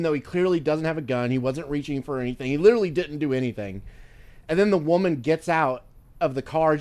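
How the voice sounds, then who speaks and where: A man's voice: on the high side, lively intonation, quick pace, a little mellow. A male streamer chatting casually while gaming, rambling through stories with free swearing. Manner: rambling, swears freely, loose storytelling.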